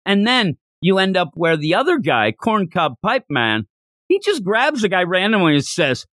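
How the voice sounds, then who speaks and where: A man's voice: high voice, moderate pace, no echo. Chatty man with a dry mic. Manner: rambling, animated, acts out quotes. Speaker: podcast host. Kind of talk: casual manga discussion.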